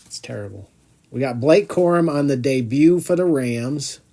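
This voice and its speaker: A man's voice: medium pitch, expressive, moderate pace, creaky, warm tone. A man hosting a live card break, chatting as he calls out each card and groaning when a pack comes up empty.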